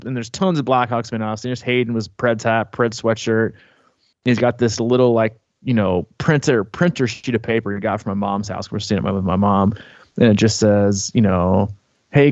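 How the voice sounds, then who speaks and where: A man co-hosting a podcast, telling a long story in casual chat, rambling and animated, full of fillers and restarts. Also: fairly low pitch, no echo, lo-fi sound. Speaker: podcast co-host.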